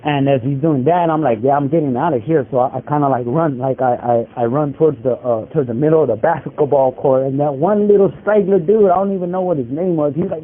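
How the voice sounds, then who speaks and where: A man's voice: on the high side, fast, few pauses. A man in prison telling a story in casual street slang, rambling with lots of fillers, over a phone call. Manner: rambling, filler-heavy street slang, many likes and bros. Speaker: incarcerated interviewee telling a story. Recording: tinny prison phone line with faint hiss.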